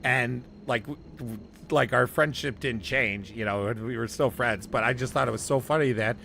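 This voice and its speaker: A man's voice: medium pitch, moderate pace, creaky, a bit bright, slight background noise. A man telling a long, rambling personal story in casual chat, often laughing and restarting.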